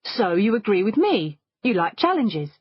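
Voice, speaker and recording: A boastful, thrill-seeking man, read by a woman narrator in an audiobook, speaking defensively. The voice is husky. The sound is dry and a little dull. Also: medium pitch, very animated, moderate pace, dry recording. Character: adult man, a client, boastful thrill-seeker.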